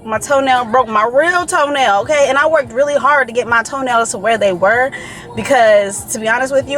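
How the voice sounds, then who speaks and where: A woman in her thirties chatting casually to viewers in a vlog, animated and slangy with frequent asides. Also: high voice, normal speed, soft background music. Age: 30s. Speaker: vlogger. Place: in a car and at home.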